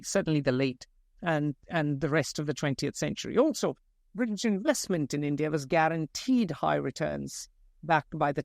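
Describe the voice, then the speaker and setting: Podcast host, male, high-pitched with a gravelly edge, dry close sound, explains at length. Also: darkish tone, no echo. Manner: fluent, lecturing, with stumbles. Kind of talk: conversational history discussion.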